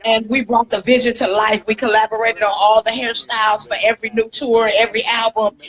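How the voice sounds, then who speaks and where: A woman in her fifties from Inglewood, California, telling stories from her career as a hairstylist in a casual interview. She talks in an animated, chatty way, acting out quotes and calling her listener "girl". Her voice sits on the higher side. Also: a little fast, poor audio. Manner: animated, acts out quotes, says "girl" often. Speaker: celebrity hairstylist and guest.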